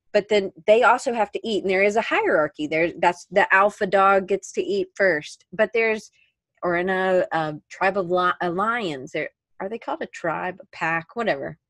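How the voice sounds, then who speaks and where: A woman's voice: lowish voice, a bit bright, dry recording. A woman co-hosting a podcast in casual chat, rambling and correcting herself as she talks. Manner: chatty, rambling, self-correcting. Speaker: podcast co-host.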